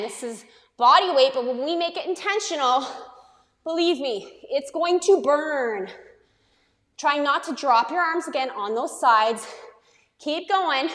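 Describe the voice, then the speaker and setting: High-voiced, upbeat woman fitness coach. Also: a bit bright, big-room sound. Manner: upbeat, encouraging, counting reps aloud. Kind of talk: workout instruction.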